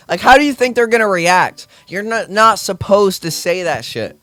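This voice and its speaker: A man's voice: a little high, big pitch swings, brisk, few pauses, bright, forceful tone. Young man ranting profanely. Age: young adult. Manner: profane, sarcastic, rambling. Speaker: grocery store worker venting. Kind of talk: casual rant to camera.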